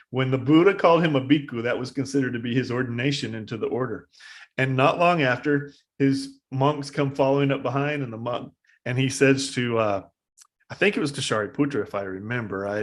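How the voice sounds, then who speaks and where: A man giving a dharma talk at a live meditation service, telling a story in a casual, halting way with many fillers. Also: medium pitch. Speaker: meditation teacher.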